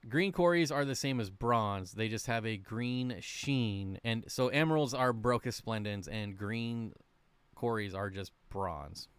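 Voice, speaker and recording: Reading viewer comments aloud, the aquarium channel host chats and rambles with self-deprecating humor during a casual livestream about fish. His lowish voice is smooth and a little slow, and the recording has no room sound.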